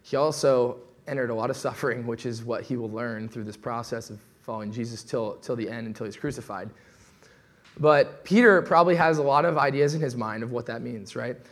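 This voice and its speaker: A young adult man preaching a sermon in a relaxed, conversational way, full of asides and quick acted-out quotes. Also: mid-range voice. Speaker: pastor.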